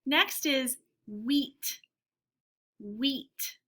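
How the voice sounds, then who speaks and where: A woman teacher giving a phonics lesson to young children, saying each word slowly and clearly twice. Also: high-pitched, pushed and bright. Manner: slow, clear word-by-word dictation.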